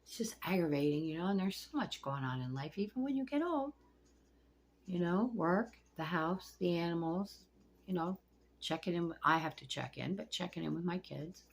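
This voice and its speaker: A woman's voice: on the low side, animated, normal speed, gravelly, breathy edge. A middle-aged woman venting at home in a casual vlog, blunt and profane, rambling from one gripe to the next. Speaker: vlogger. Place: at home among pet turtles.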